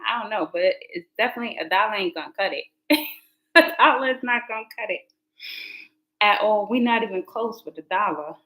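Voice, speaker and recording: Casual woman livestream host, animated, laughing, talks straight to chat. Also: mid-range voice, rough recording. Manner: chatty, laughing, animated asides to viewers. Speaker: livestream host, tarot reader.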